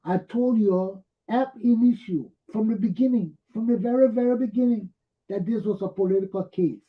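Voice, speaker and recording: Male talk-show host, high voice, animated political commentary, lo-fi muffled audio. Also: normal speed. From Liberia. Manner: animated, mimics others in raised voice, rhetorical questions.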